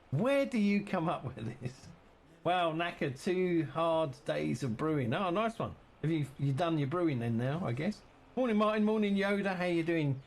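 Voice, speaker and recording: A man's voice: a little high, creaky. A man chatting casually and teasingly with viewers while streaming a farming game.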